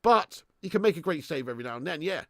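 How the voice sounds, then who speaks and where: A man's voice: a little high, fast talker, dry recording, clean studio sound. A young man hosting a live football watch-along, commenting on the match, reading out viewers' messages and swearing freely. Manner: excitable, swears, reads viewer messages aloud.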